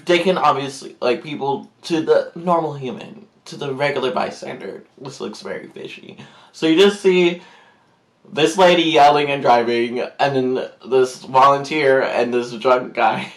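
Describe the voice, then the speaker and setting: A man telling a story in a casual vlog, rambling with many fillers and acting out the people he quotes. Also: mid-range voice. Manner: animated, acts out quotes in put-on voices. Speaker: YouTuber.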